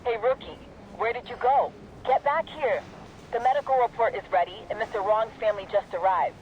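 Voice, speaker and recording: A man's voice: high-pitched, a little fast, lo-fi sound, a little hiss or hum, pitched above the performer's own voice, lightly acted. A man voicing a bossy senior agent calling over a communicator while reading a game aloud. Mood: brusque.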